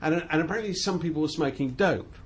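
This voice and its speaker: A man co-hosting a casual studio chat, rambling and animated, laughing often. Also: a little high, fast, slightly rough. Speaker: co-host.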